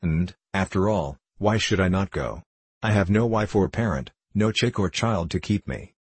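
A man's voice: low voice, moderate pace, slightly rough, dry recording. A man voicing a restless, hearty English baronet who longs for adventure, speaking earnestly in a storybook reading. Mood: longing. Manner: earnest, animated.

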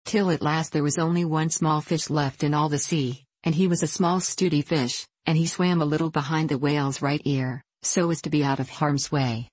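A woman reading a children's storybook aloud in a slow, sing-song storytelling cadence. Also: deep voice, fairly even intonation, a little mellow, slightly rough, no echo.

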